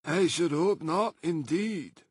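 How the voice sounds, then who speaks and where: Man doing soft worried old badger, husky slow voice, dry close mic. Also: on the high side, no room sound, voice pushed up. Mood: doubtful. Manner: mild, hesitant. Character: gentle, respectable old badger, doubtful.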